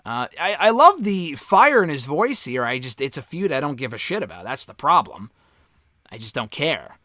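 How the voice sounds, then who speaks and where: Male reviewer, talks candidly and offhand, higher-pitched voice, dry close mic. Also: very animated, normal speed, bright, forceful tone, no echo. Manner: candid, offhand, swears freely. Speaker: wrestling show reviewer. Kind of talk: casual spoken review.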